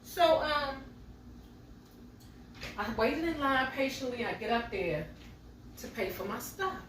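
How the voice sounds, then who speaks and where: Cooking in her home kitchen, a middle-aged vlogger tells her viewers a story in a relaxed, chatty manner, speaking straight to them as y'all. Her high, slightly bright voice moves slowly with lively intonation. The mic sits at a distance, giving a roomy sound with slight background noise.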